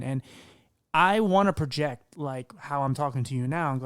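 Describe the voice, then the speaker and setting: A man's voice: medium pitch, moderate pace, clean tone, no room sound, studio quality. A man hosting a podcast interview, talking candidly in a rambling way with many restarts. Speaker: podcast host. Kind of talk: casual conversational interview.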